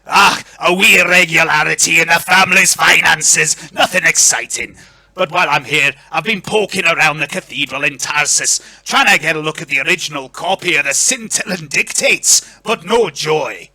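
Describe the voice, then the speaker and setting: Brash Scottish nobleman, loud, jovial, bright. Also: normal speed, creaky, dry recording, exaggerated voice. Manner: booming, jovial, shouting. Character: blustering hearty northern lord, loud.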